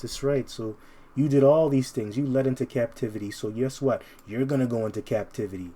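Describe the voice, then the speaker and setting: A man preaching informally, emphatic and repetitive, often ending phrases with "man" and slowing down to read verses aloud. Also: mid-range voice, warm tone.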